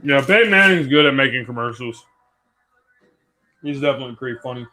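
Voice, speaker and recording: A man's voice: mid-range voice, lively intonation, brisk, sharp tone. A young man casually reacting to a live football game, blunt and profane, rambling between plays.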